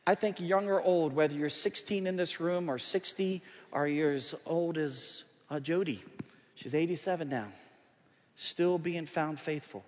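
A man preaching a sermon as pastor in a large church, dropping to hushed pleading and rising to loud, urgent appeals. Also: fairly high pitch, unhurried. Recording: long hall reverb.

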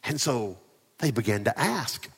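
A male pastor preaching with lively swings from loud, emphatic lines to hushed asides. His voice has a mid-range pitch, and it rings with the long echo of a church hall. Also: measured pace, breathy edge. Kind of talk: sermon. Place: church near ball fields and a parking lot.

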